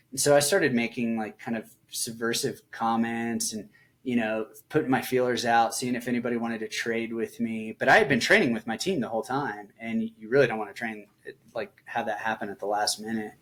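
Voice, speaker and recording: A man in his forties tells a story from his army years as a podcast guest. He talks in a loose, conversational way, with plenty of fillers and quick asides. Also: medium pitch, fairly even intonation. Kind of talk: storytelling interview.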